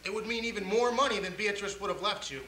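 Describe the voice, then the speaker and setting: A man's voice: sits high, fast talker, bright, forceful tone. A man playing a conniving doctor in a stage play, with a sly, theatrical delivery. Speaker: community theater actor. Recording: roomy stage recording, faint hiss.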